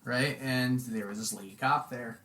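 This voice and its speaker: A young man telling a rambling, profane story on a casual podcast, acting out quotes loudly. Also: medium pitch, steady tone, moderate pace. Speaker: podcast host.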